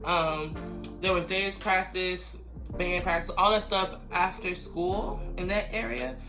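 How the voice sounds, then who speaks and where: A man's voice: high-pitched, fairly even intonation, slow pace, creaky, music in the background. A young man in his late teens telling a school story in casual storytime chat, full of "like" fillers and acted-out quotes. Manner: chatty, many "like" fillers, acts out quoted friends. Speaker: vlogger.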